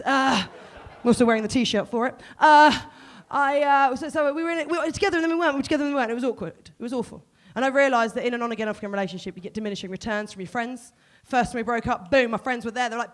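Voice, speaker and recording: A woman from Portsmouth, performing a self-deprecating stand-up set at a live comedy venue. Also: sits high. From Portsmouth, England. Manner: quick self-deprecating storytelling.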